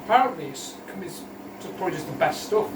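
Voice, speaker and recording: High-voiced man swearing casually. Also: expressive, quick pace. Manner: crude, swearing, joking. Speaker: co-host. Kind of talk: casual chat while cooking. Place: home kitchen. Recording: echoey kitchen, distant mic, noisy.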